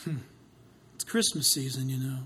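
A man preaching a sermon, swinging between loud outcries and hushed asides, with a dramatic delivery. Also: medium pitch, fairly even intonation, normal speed, a little hiss or hum.

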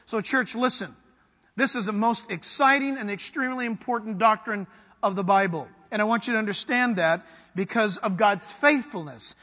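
A man's voice: high-pitched, moderate pace, sharp tone. A man preaching a sermon to his congregation with fervent emphasis, putting questions to them and waiting for answers. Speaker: pastor. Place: church sanctuary. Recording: long hall reverb.

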